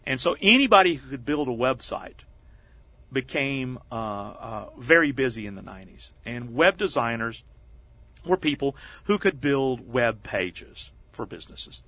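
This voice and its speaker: A middle-aged man as an interview guest, telling stories in a lively conversational way and acting out the voices of the people he quotes. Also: mid-range voice, a little slow, no room sound. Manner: animated, acts out quoted voices. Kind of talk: conversational storytelling.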